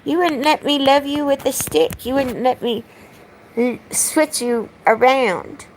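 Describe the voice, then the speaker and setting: High-voiced woman, blunt and rambling. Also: a little slow, a little hiss or hum, poor audio. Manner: blunt, accusatory, profane; repetitive, rambling phrasing. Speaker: vlogger. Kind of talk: direct-to-camera monologue.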